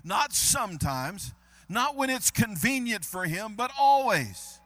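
A man preaching a sermon, building to loud emphatic repetition. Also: sits high, big pitch swings, takes it slowly, no room sound. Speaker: pastor.

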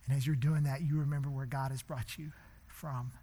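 A man preaching a sermon as pastor in a church, impassioned, swinging between hushed and loud. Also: mid-range voice, little pitch movement, fairly quick, in a large hall.

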